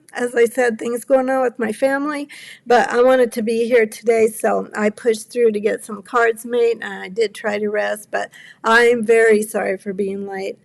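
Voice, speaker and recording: Brief: woman in her 70s, craft stream host, a bit high and gravelly, apologetic chat, teary edge. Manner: apologetic, rambling, greets chatters by name. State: near tears. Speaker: cardmaking livestream host. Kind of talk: casual chat with live viewers.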